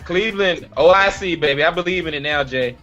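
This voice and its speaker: A man's voice: fairly high pitch, a little fast, loud music behind the voice. A man co-hosting a casual sports podcast, joking and emphatic in banter. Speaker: podcast co-host. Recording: dull lo-fi podcast audio.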